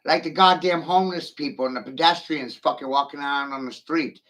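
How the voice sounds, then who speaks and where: A man's voice: a little high, brisk, fairly bright tone, poor audio. A middle-aged man in a profane, taunting rant, swearing aggressively at his critics.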